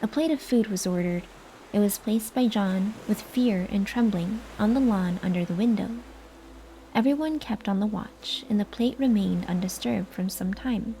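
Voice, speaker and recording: A woman softly narrating a folk tale as soft-spoken ASMR bedtime storytelling, in a hushed, unhurried manner. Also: mid-range voice, a little hiss or hum.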